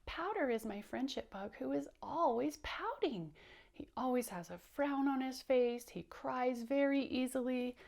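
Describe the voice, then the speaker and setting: A woman teacher giving a storytime lesson for young children, animated and asking them to repeat after her. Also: high voice, measured pace, creaky.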